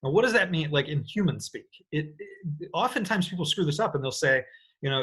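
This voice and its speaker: A man teaching an economics lecture in an energetic, playful way, often checking in with his students. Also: a little high, fairly quick, slightly rough. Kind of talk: recorded lecture.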